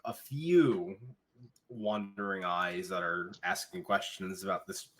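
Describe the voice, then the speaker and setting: A man narrating a tabletop game as dungeon master, relaxed and filler-heavy. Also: on the low side. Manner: relaxed, hesitant, lots of fillers.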